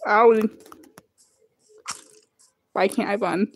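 A woman's voice: medium pitch, steady tone, slow pace, vocal fry. A woman streaming a video game, chatting casually with friends, easily startled, laughing and swearing as she plays. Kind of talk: casual gaming commentary.

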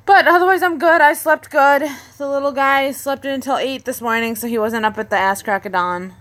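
A woman's voice: high voice, fairly quick, a bit bright. A woman babysitting while she chats casually on a live stream, rambling, repeating herself and laughing often, recorded indoors at a home.

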